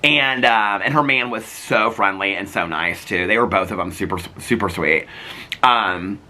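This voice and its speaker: A man vlogging, telling a long rambling story in a casual, excitable way with many fillers. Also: fairly low pitch, normal speed.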